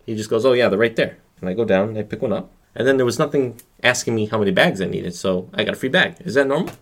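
A man's voice: lowish voice, animated, fast talker. A man on a casual podcast with friends, telling stories and teasing the others dryly. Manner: teasing, dry storytelling. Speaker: podcast co-host. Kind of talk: casual chat among friends.

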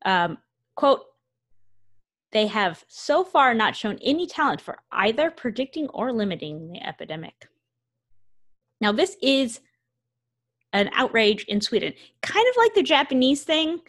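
A woman's voice: fairly high pitch, very animated, unhurried, long pauses, fairly bright tone. Woman podcast co-host, conversational, reads quotes with asides. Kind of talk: casual podcast chat reading news.

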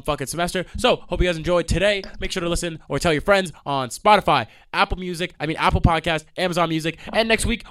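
A man's voice: a little high, fairly bright tone. A young man hosting a podcast, ranting in a heated, profane, emphatic way. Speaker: podcast host. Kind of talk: ranting monologue.

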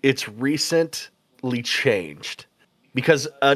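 Podcast co-host, mid-pitched, dry mic, rambling and laughing. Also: male voice, measured pace, fairly bright tone, dry recording. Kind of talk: casual podcast chat.

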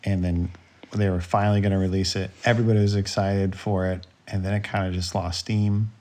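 A man's voice: low-pitched, level tone, brisk, a little mellow. Chatty guy cohosting a podcast, jokey, talks movies in an easygoing way. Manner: chatty, jokey, slips into silly mock accents. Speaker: podcast co-host. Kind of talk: casual chat reviewing a movie.

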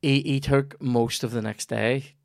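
A man's voice: medium pitch, a little slow, gravelly, no room sound. Northern Irish man, podcast host, profane storytelling, dry close sound. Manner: sweary, animated anecdote telling. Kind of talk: casual comedy podcast chat.

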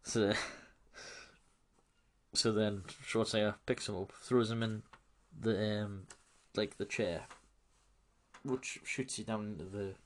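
Man, lowish voice, casual film recap, chuckling, sweary, rambling. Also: fairly even intonation, slow pace, slight background noise. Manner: chatty, laughing, sweary and loose. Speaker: film reviewer.

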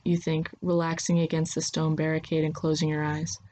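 A woman narrates a scripted second-person story in an even, steady storytelling manner. Her voice sits on the low side. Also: fairly quick.

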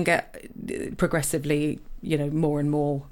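A woman's voice: sits low, fairly quick, darkish tone. A woman co-hosting a casual chat, telling stories with lots of fillers and restarts. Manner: chatty storyteller, frequent fillers and restarts.

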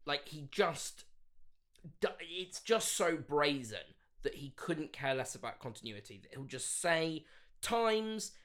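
Bright-voiced, exasperated man. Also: fairly high pitch, expressive, takes it slowly. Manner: exasperated, stumbling with repeated restarts. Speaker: podcast co-host. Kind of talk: casual chat reviewing a TV episode.

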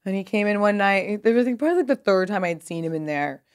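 A woman with a mid-range, clean voice talks quickly and with animation. In her thirties and from Pasadena, California, she's a clothing brand founder guesting on a casual interview, telling rambling, chatty stories loaded with "like" and the odd casual swear.

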